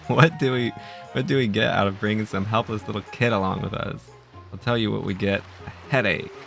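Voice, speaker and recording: A man's voice: lowish voice, fairly even intonation, fairly quick, creaky, fairly bright tone, faint music behind. A man voicing a bossy, tough teenage girl pirate captain in a video game, talking in a brash, scornful way.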